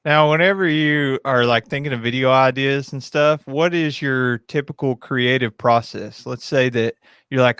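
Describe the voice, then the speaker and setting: Jokey podcast co-host from Kentucky. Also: male voice, mid-range voice, steady tone, moderate pace, fairly bright tone, dry recording, clean studio sound. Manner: jokey, laughs easily, asks interview questions. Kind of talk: casual livestream podcast chat.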